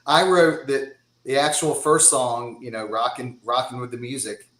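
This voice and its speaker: A man's voice: mid-range voice, moderate pace, bright, forceful tone, echoey room, poor audio. A man in his fifties with a Southern US accent, a guest drummer chatting casually in a rambling way and laughing often. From Georgia, US. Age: 50s. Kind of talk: casual chat.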